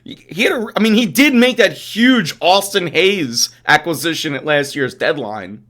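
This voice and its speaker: A man's voice: on the high side, animated, moderate pace, a bit bright. A man hosting a live-streamed sports talk show, ranting casually, swearing and chuckling at his own sarcasm while answering chat. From Philadelphia area.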